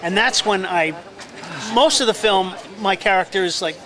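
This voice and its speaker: A man telling an animated story about his first film role in a casual interview, acting out the other people's lines. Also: high-pitched, normal speed. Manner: animated storyteller, acts out quotes, many restarts. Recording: crowd noise outdoors.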